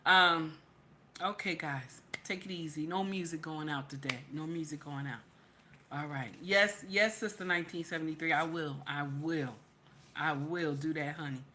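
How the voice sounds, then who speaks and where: Deep-voiced and speaking at a moderate pace, a woman hosts her channel's live reaction vlog, her delivery pushed and bright with a little hiss or hum. She's emphatic and repetitive, still tearful after crying.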